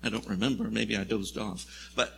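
A man's voice: fairly low pitch, steady tone, moderate pace, vocal fry, a bit bright, slightly rough. A man preaching a sermon in a church, telling the story in a conversational, wry way. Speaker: pastor. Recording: long hall reverb.

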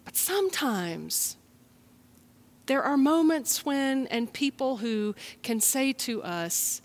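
A woman from the United States, a pastor telling a children's story and preaching a sermon in a gentle storytelling manner. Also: high voice, expressive, takes it slowly. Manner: gentle, storytelling, speaks straight to listeners.

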